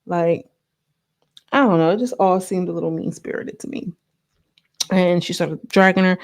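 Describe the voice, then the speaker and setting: A woman chattily recapping a reality TV episode, full of fillers and quick asides. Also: lowish voice, dry recording, clean studio sound. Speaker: YouTube reality-show reviewer.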